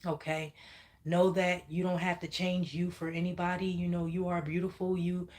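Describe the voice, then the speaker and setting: A woman's voice: lowish voice, level tone, normal speed, a little mellow. A woman giving a livestreamed psychic reading to viewers. She speaks emphatically, keeps checking in with "okay?", and curses when she gets heated. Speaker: spiritual reader channeling messages.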